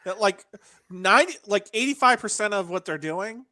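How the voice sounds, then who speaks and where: A man with a high, bright, tense voice chimes in bluntly with curses, recorded dry and close to the mic. He keeps a casual podcast tone. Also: lively intonation, moderate pace, no echo. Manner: blunt, sympathetic commentary with swearing. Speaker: podcast co-host. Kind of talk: casual chat.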